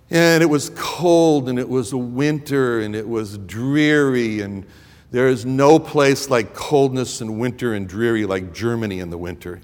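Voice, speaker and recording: A man's voice: mid-range voice, big-room sound. A man preaching a sermon and telling a personal story, rambling and stumbling over the first words of his sentences. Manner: rambling, repeats words when starting sentences.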